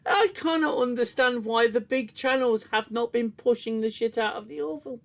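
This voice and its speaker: A man's voice: very high voice, expressive, a little fast, few pauses. A man hosting a casual review livestream, talking in a rambling, candid way, swearing often and laughing easily.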